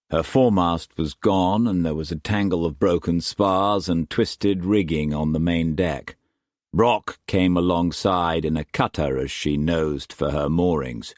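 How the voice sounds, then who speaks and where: Slow low-voiced male narrator. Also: dry recording, clean studio sound. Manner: measured, unhurried reading. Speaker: audiobook narrator. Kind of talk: scripted narration.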